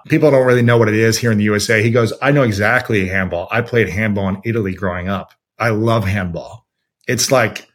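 A man from Ohio telling a story in a relaxed interview, acting out quotes with lots of fillers. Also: fairly low pitch. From Ohio, USA. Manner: animated, quotes himself and others with many fillers. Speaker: podcast host as guest. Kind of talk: conversational storytelling.

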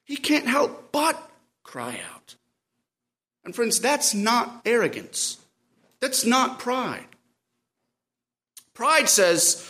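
A man delivers a sermon in a high, light voice. He preaches with drive, swelling to loud cries and then dropping to quiet, intimate asides. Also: big pitch swings, slow pace. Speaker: pastor.

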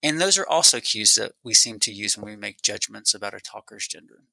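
A male researcher talks through his study in a measured, academic manner. His voice is very bright and crisp-edged. The sound is dry and close, with no room around it. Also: fairly low pitch, expressive, no echo, poor audio. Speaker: speech researcher guest. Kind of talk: explaining research in an interview.

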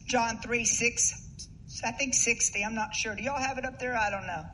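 Woman preacher, high and bright, earnest sermon delivery with emphatic peaks. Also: normal speed, slight background noise, poor audio. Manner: earnest, rising to emphatic bursts.

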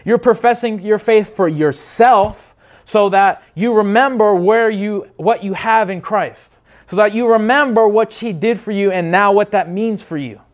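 Earnest preacher man, slightly high voice. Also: unhurried. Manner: earnest, many restarts, acts out quoted voices. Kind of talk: sermon.

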